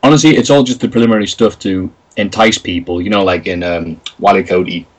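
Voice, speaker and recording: A man's voice: low-pitched, steady tone, quick pace, husky, recorded from a distance, low-quality recording. A British man telling stories in a casual interview, chatty and jokey, acting out quotes in other voices. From Britain. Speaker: interview guest, video creator.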